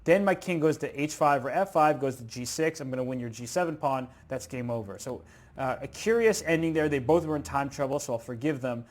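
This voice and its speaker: A man commentating live chess, excitable and thinking aloud through move sequences. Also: mid-range voice, fairly quick.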